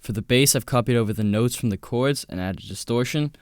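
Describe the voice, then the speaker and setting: A man's voice: mid-range voice, a little fast. A man hosting a music production tutorial, explaining each step in a matter-of-fact voice-over. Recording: voice-over with loud music playing. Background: loud electronic music.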